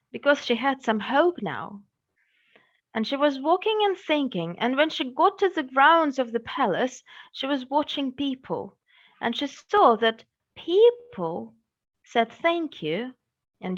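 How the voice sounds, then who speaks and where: A woman from Russia with a Russian accent, telling a fairy tale in English in an expressive, dramatic way. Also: high-pitched, lo-fi sound. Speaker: English teacher telling a story. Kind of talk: storytelling.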